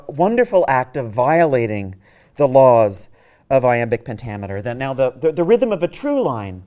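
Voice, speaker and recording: A man lecturing on poetry to a university class, his pitch rising and falling freely. He thinks on his feet, stumbling into restarts and repeated words, then reads lines of verse aloud and sounds out their rhythm beat by beat. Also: darkish tone. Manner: reads verse aloud and taps out meter with spoken beats. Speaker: literature lecturer.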